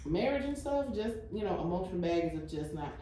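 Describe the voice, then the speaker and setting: A woman telling stories in casual faith talk, animated and often laughing. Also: on the low side, quick pace, slight background noise. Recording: echoey room, distant mic.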